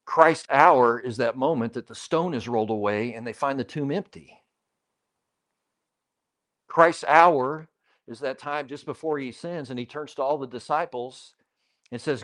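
A man's voice: medium pitch, a little slow, long pauses, fairly bright tone. A man preaching a sermon as pastor, in a conversational, emphatic way, putting questions to the congregation and repeating key phrases.

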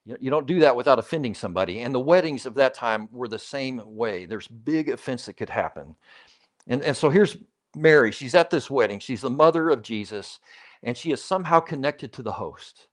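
A man's voice: mid-range voice, lively intonation, a little fast. A man preaching a sermon as pastor, in a conversational, emphatic way, putting questions to the congregation and repeating key phrases.

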